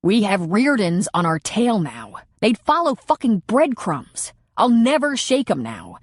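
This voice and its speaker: A woman voicing a gruff young man, a Navy pilot, in an audiobook, with blunt, irritated banter. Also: mid-range voice, sing-song, unhurried, no echo. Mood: exasperated.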